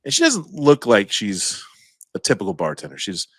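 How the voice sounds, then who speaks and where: A man's voice: lowish voice, wildly swooping pitch, moderate pace, no room sound, studio quality. A man co-hosting a podcast, telling a rambling story in a casual chat, chuckling often and acting out the voices of the people in it. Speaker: podcast co-host.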